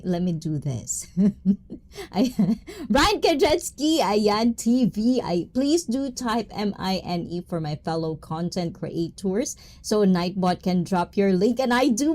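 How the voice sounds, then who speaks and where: A bubbly woman hosting a laid-back livestream, greeting her viewers one by one. Her pitch swings up and down a lot, while her pace stays slow and unhurried. She playfully mixes English with Tagalog and Japanese phrases and keeps coming back to her catchphrases. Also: mellow. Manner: giggly, with frequent catchphrases. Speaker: livestream host.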